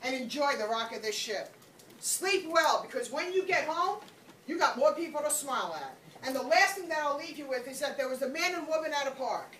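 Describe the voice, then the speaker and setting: A woman network marketing trainer giving a lively motivational talk on stage, acting out little scenes and laughing as she goes. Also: sits high, brisk. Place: event room on a cruise ship. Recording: roomy, from far off, light background noise.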